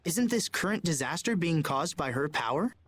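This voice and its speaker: An actor voicing an earnest young prince in a video game, speaking in a formal, measured, polite way. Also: male voice, fairly high pitch, sing-song, a bit bright, a little hiss or hum. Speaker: game character.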